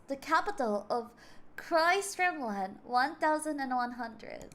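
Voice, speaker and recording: A young woman streamer reading game dialogue aloud between chatty, animated stories, often stumbling over words and laughing. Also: high voice, slow pace. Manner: animated storytelling.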